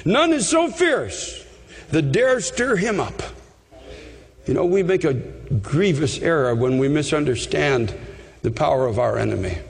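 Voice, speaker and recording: A man preaching a fervent sermon, often repeating himself and rising to shouts. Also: fairly high pitch, sing-song, a little slow, creaky, big-room sound.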